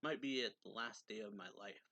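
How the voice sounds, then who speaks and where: Dude reading lines for a flustered young manga kid, easily embarrassed, dry close mic. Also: male voice, lowish voice, a little fast, bright, forceful tone, no room sound, dull audio. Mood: pained.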